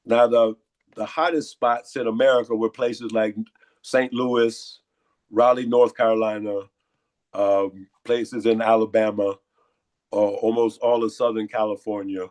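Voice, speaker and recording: A hoarse, congested man giving lecturing interview answers and firing off repeated rhetorical questions. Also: fairly low pitch, flat delivery, measured pace, darkish tone. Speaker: guest.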